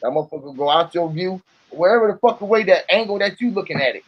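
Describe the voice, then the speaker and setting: A man's voice: high voice, quick pace, muffled recording. A man talking casually to camera in a profane, musing, freewheeling way. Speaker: vlogger. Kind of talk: casual rambling talk to camera.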